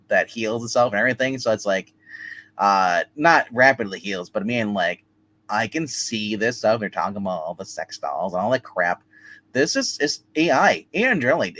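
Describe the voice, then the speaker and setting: A man co-hosting a casual movie review show, talking excitedly in rambling sentences with many restarts. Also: lowish voice, poor audio.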